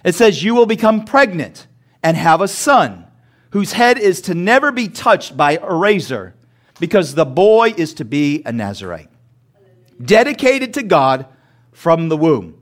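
A man preaching a sermon as pastor, asking the congregation to repeat words after him and building to shouts. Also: sits high, big pitch swings, unhurried. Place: church sanctuary.

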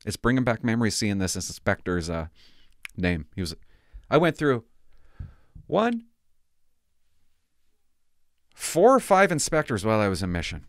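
An older retired policeman rambles through memories of his old postings, his voice lively and swooping as he tells them. He drifts from booming asides to near-whispers and back again. The sound is dry and close, with no room echo. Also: normal speed. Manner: rambling, candid, drifts between loud and hushed. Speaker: retired police officer telling stories. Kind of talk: casual storytelling to viewers.

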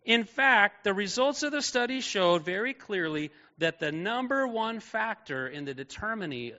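A man's voice: sits high, animated, normal speed, bright, forceful tone, in a large hall, lo-fi sound. A man preaching a sermon as pastor, talking conversationally and asking the congregation questions. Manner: conversational, asks the audience questions. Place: church auditorium.

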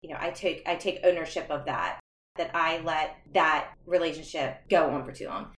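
Speaking at a moderate pace in a low, slightly bright voice, a young adult woman candidly shares her own story as a podcast guest. She is earnest and reflective, laughing now and then, and the recording has a roomy echo.

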